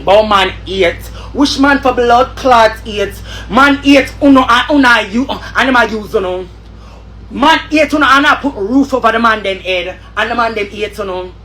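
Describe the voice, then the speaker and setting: A woman's voice: fairly high pitch, moderate pace, a bit bright. A woman with a Jamaican accent in a heated, angry rant, repeating and swearing. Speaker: vlogger.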